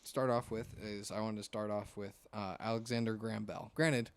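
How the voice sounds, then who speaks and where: Rambling young man, slightly low voice. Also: fairly even intonation, normal speed, clean tone, no echo. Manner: rambling, hesitant, lots of fillers. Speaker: podcast host. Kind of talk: casual chat.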